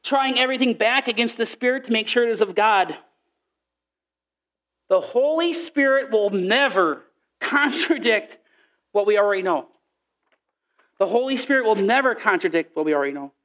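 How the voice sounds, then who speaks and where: A male preacher with a high voice gives an animated sermon. He tells stories with plenty of energy and slips into acted voices for the people in them. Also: normal speed, pauses often. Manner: animated storytelling, acts out voices in quotes.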